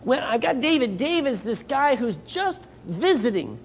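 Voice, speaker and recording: A little hiss or hum sits under this sermon by a Southern-accented missionary with a very high voice and moderate pace. He stays animated, acting out Bible characters as he preaches.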